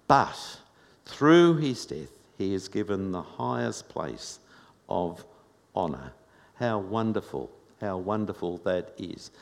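A man's voice: lowish voice, creaky, a little mellow. A man preaching a sermon, earnestly asking his congregation questions. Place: church hall. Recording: echoey hall.

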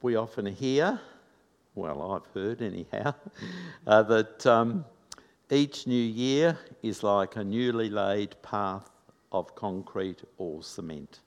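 A man preaching a sermon in a slow, reflective, measured way. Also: on the low side. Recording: long reverb of a large hall.

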